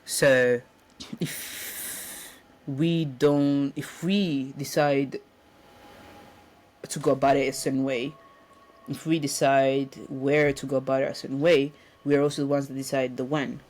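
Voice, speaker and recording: Female self-help speaker, unhurried rambling delivery, faint room hum. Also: extremely low pitch, little pitch movement, a little mellow. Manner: rambling, reflective, with restarts and frequent ums. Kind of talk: casual spiritual talk. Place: indoor room.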